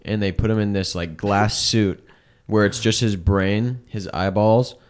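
A laid-back young man with a low voice chatting on a podcast. He explains things in a loose, rambling way. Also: steady tone, unhurried, clear, resonant tone. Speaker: podcast co-host. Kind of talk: casual chat.

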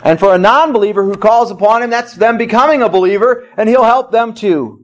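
A man preaching a sermon as pastor, swinging from loud emphatic cries to low quiet asides. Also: a little fast.

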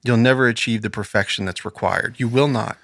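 A man's voice: mid-range voice, fairly quick, creaky, a bit bright, dry recording, clean studio sound. A man co-hosting a casual faith podcast, talking earnestly and quoting scripture in a preacherly way. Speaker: podcast co-host. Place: podcast studio.

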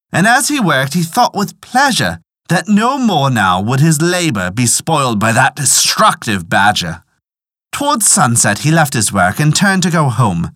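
A man narrating a folk tale in a measured, expressive storytelling manner. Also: mid-range voice, no echo, studio quality.

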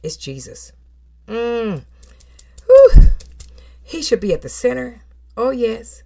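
Animated woman preaching a sermon. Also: fairly high pitch, a little slow, gravelly. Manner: expressive, animated, with affirming hums and laughs.

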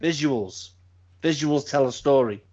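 A man's voice: mid-range voice, a little slow, darkish tone. Sweary, emphatic man. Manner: sweary, emphatic, repeats himself. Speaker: podcast host. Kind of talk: casual chat. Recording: dull lo-fi sound.

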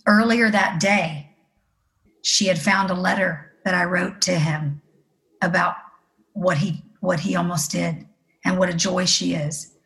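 A woman's voice: fairly low pitch, fairly even intonation, a little slow, creaky, a bit bright, low-quality recording. A middle-aged woman telling a personal story as an interview guest, earnest and emotional. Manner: earnest, emotional, acting out the people she quotes.

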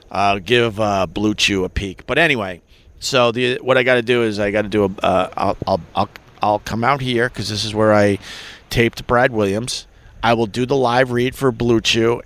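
Middle-aged guy rambling on his live stream, swears a lot, jokes at his own expense, average pitch. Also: fairly bright tone. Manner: rambling, self-mocking, swears casually. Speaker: podcast host on a live stream. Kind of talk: casual live-stream chat.

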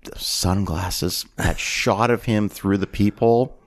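A man with a very low voice recaps a crime movie scene on a casual podcast. He tells it with animated energy and slips into put-on voices whenever he quotes the characters. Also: takes it slowly. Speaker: podcast co-host. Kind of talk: casual movie-review chat.

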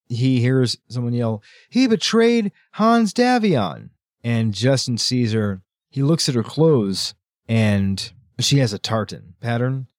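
A man hosting a podcast, retelling a story with quick, lively character voices in a casual book-club chat. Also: medium pitch, dry recording, clean studio sound. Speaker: podcast host.

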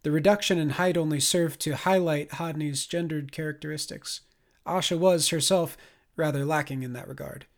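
A man reading a science fiction audiobook as narrator, in a measured, expressive way. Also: on the high side, creaky. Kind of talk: scripted narration.

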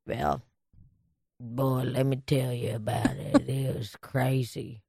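A woman's voice: a bass voice, flat delivery, slow pace, gravelly, dark tone, slightly rough, no room sound, studio quality. A woman co-hosting a casual podcast chat, rambling and crude, often trailing off and restarting. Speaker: podcast co-host.

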